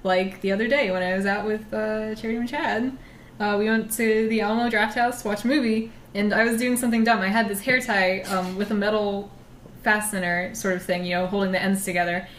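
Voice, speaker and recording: A woman from Virginia co-hosts a casual podcast and rambles along with plenty of "like." Her voice sits at an average pitch for a woman. It is recorded in an echoey room with a faint hiss. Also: fairly even intonation, fairly quick. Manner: rambling, lots of "like". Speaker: podcast co-host. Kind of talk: casual chat.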